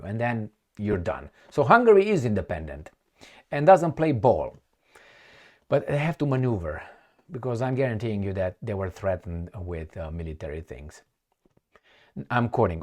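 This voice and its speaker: A man's voice: on the low side, big pitch swings, normal speed. Romanian accent guy ranting sarcastic about politics, voice jumps up and down a lot. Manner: sarcastic and scornful, laughs at his own remarks. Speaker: political commentator. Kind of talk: casual opinion commentary reading news quotes.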